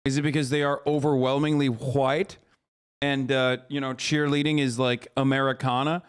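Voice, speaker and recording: A man streaming a reaction, talking casually with incredulous, animated commentary. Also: mid-range voice, moderate pace, clear, resonant tone.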